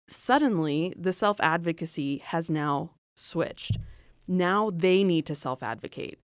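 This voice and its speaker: A young adult woman hosting a podcast, chatting casually with quick asides and easy laughs. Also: sits low, no room sound, clean studio sound. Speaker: podcast host. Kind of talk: casual chat.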